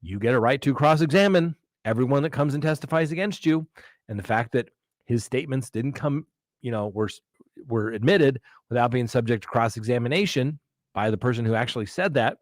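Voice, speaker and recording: A man's voice: medium pitch, fairly quick, dry recording, clean studio sound. A man hosting a live crime-talk stream, speaking like a defense attorney, with emphatic, ranting delivery and mocking quoted voices. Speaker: host. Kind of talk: live true-crime commentary.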